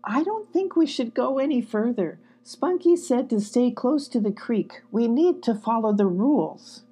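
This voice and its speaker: A woman's voice: a little high, lively intonation, measured pace, mellow, breathy edge, voice pushed up. A woman voicing an anxious young male kitten who pleads and frets over the rules, in a storybook reading. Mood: pleading worried. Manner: pleading, worried.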